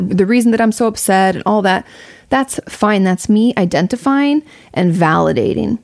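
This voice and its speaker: A woman's voice: mid-range voice, vocal fry, a little mellow, no echo, studio quality. A young woman giving casual advice to her viewers, candid and rambling, swearing freely. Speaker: streamer answering a viewer question.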